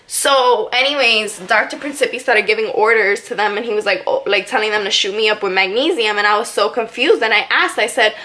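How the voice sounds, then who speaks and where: A young woman vlogger casually telling a personal story to camera, animated and full of "like"s. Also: medium pitch, a little fast, hardly any pauses. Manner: animated, filler-heavy retelling with many "like"s.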